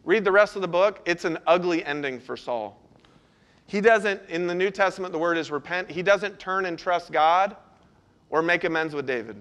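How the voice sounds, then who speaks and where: A pastor preaches in a noticeably high, light, slightly bright voice. He addresses the congregation earnestly and conversationally, frequently pausing to ask them questions.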